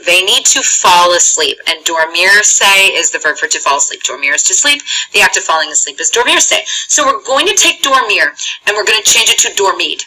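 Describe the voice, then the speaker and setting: A woman teaches in a relaxed, chatty lesson style. Her voice sits low yet sounds very bright and forceful, with a husky edge. She checks in with her students constantly as she explains. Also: rough recording. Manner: chatty, encouraging, explains step by step with frequent "okay?" checks. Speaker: Spanish teacher. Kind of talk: recorded classroom lesson.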